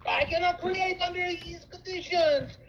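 A woman's voice: high voice, animated, unhurried, fairly bright tone, echoey room, muffled recording, slight background noise. A woman playing a bumbling man posing as an Italian chef in a play read-through, stammering with constant uhs in a mock foreign accent. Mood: indignant.

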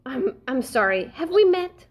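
A woman's voice: high voice, big pitch swings, moderate pace. A woman voicing a dim, cheerful young man, airy and clueless.

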